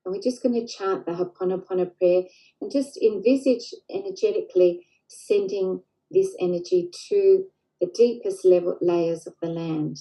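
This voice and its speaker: A woman leading a group in a slow, gentle healing prayer, pausing often with fillers. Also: fairly low pitch, fairly even intonation, low-quality recording. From Australia. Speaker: spiritual group leader.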